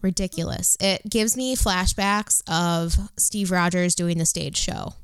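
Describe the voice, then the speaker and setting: A woman co-hosting a casual talk show with a smooth, clean voice. She talks in a loose, blunt way and swears freely. The sound is dry and up close. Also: on the low side, unhurried, no echo. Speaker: podcast co-host. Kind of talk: casual chat.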